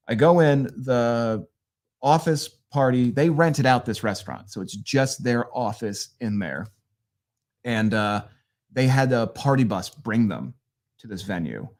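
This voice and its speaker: A man from northeastern Pennsylvania, a guest comedian telling road stories with a casual, profane, deadpan delivery. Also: medium pitch, moderate pace. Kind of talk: casual storytelling.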